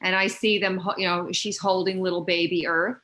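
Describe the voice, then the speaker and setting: A woman with a lowish, bright and forceful voice, the guest in a spiritual conversation. She talks gently and from the heart, rambling a little and circling back on her words. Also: flat delivery, fairly quick, low-quality recording.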